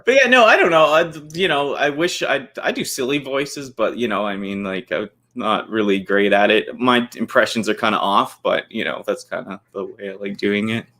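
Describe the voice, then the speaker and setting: A man's voice: on the low side, moderate pace, few pauses, bright, forceful tone. A man hosting a podcast in casual chat, who talks in a chatty, enthusiastic and rambling way and reads out listener questions. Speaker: podcast host.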